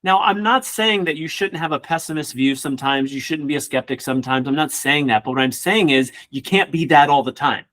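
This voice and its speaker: Man, real estate coach, motivational class, energetic, joking asides, fairly high voice. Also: fairly quick, hardly any pauses. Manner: energetic, acts out quoted people in voices.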